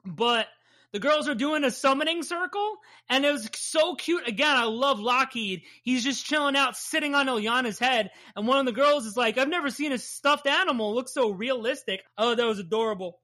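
A woman's voice: high voice, normal speed, bright, forceful tone. A woman in her thirties hosting a comic book podcast, chatting casually and enthusiastically with plenty of swearing. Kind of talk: casual chat recapping a comic.

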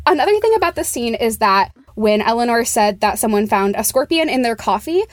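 A woman's voice: on the high side, animated, moderate pace, no room sound, soft background music. A woman from Arizona co-hosting a casual podcast chat, rambling with many fillers and restarts. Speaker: podcast co-host.

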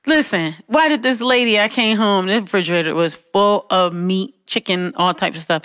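A woman on a podcast telling a family story in casual chat, animated and laughing, with frequent asides to her listeners. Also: normal speed, smooth, no room sound, clean studio sound. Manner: animated, laughing, acts out quotes in a high voice; conversational, with frequent "you know what I'm saying".

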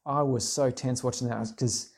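A man in casual conversation about a film, thoughtfully recounting scenes and sometimes quoting lines in a flat, even voice. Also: mid-range voice, normal speed, gravelly.

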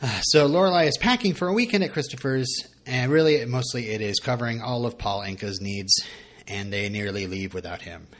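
A man's voice: mid-range voice, animated, fairly quick, a bit bright. A young man talks through a podcast episode in a loose, rambling way. He keeps restarting his sentences and pokes fun at himself as he goes. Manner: rambling, self-mocking, full of fillers and restarts. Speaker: podcast co-host. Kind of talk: casual chat.

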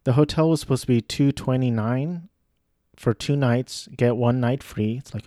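Mellow-voiced man rambling through a story. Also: mid-range voice, fairly even intonation, measured pace, long pauses, no room sound, clean studio sound. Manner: rambling, self-deprecating, with profanity and frequent restarts. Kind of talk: casual storytelling monologue.

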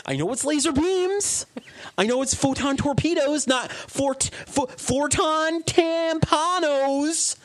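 A woman's voice: high voice, slow. A woman co-hosting a casual comedy podcast, swearing freely and ranting in mock outrage. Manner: animated, swears a lot, mock-outraged rants. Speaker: podcast co-host.

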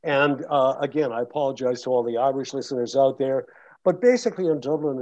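A man's voice: medium pitch, brisk, darkish tone, lo-fi sound. A man who narrates audiobooks, talking casually to an audience in a rambling way with many restarts and fillers. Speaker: audiobook narrator and guest speaker.

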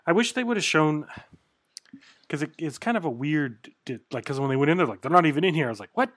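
A man co-hosting a podcast in casual chat, relaxed and agreeable, using lots of fillers. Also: on the high side, a little fast, no echo, clean studio sound. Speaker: podcast co-host.

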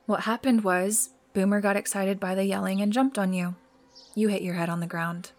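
A woman acting a friend in an audio drama, emotional and accusing. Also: medium pitch. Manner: emotional, accusing, then flat and slow. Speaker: character Erin.

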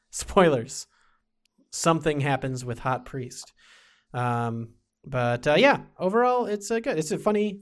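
A man's voice: fairly high pitch, smooth. A man chatting casually about TV shows, rambling with many fillers and restarts. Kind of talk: casual chat.

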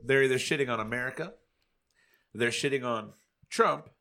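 Casual podcast host, male, bright tone, animated and profane. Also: medium pitch, moderate pace. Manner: animated, swearing freely. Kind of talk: casual chat.

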